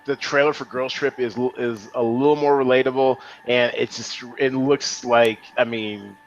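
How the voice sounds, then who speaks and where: A man's voice: medium pitch, steady tone, normal speed, muffled recording, a little hiss or hum. A man hosting a podcast in casual chat, joking around and laughing often. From Las Vegas area. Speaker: podcast host.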